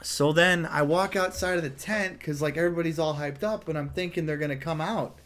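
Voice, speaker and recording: A young man casually telling a story, animated and rambling, full of "like" fillers. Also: fairly high pitch, fairly quick. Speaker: vlogger.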